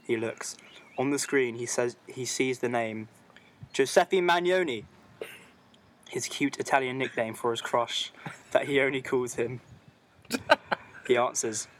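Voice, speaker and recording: A man's voice: mid-range voice, a little slow, long pauses, fairly bright tone. A man, a podcast co-host, reading a comic story aloud to his friends and laughing through it.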